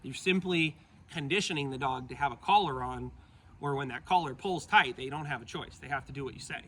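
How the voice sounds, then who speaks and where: A man's voice: mid-range voice, brisk, a bit bright, a little hiss or hum. A man who trains dogs explains training to the camera outdoors, upbeat and full of praise for the dog.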